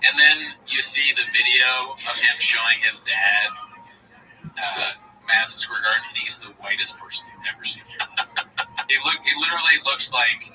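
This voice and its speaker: A man's voice: medium pitch, normal speed, pushed and bright, recorded from a distance, soft background music, poor audio. A man hosting a livestream, riffing jokingly on clips he is watching. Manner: joking, riffing, laughs often. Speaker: livestream host. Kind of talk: comedic commentary chat.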